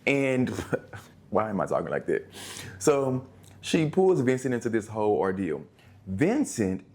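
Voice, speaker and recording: A man's voice: medium pitch, sing-song, measured pace, darkish tone. A young man casually reviewing books, chatty and rambling, full of slang. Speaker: book reviewer. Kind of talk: casual book review vlog.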